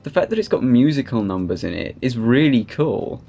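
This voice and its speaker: A man's voice: mid-range voice, lively intonation, normal speed, gravelly, dark tone, lo-fi sound, soft background music. Easygoing man laughing through a review. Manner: easygoing, laughs often, agreeable. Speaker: co-host of an animation review show. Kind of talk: casual reaction commentary.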